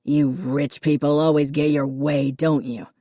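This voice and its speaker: A woman's voice: low-pitched, little pitch movement, a little slow, mellow, no room sound, clean studio sound. A woman voicing a bitter, angry middle-aged father with a resentful tone.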